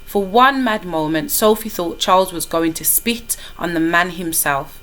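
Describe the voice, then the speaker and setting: A woman teacher reading a children's novel aloud to her class in a lively, expressive way. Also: lowish voice, normal speed, hardly any pauses.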